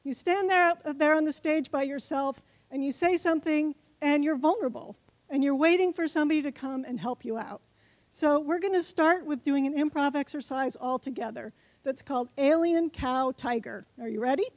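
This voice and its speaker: A woman's voice: high-pitched, normal speed, dry recording. A woman giving a short conference talk, coaxing and speaking straight to a live audience.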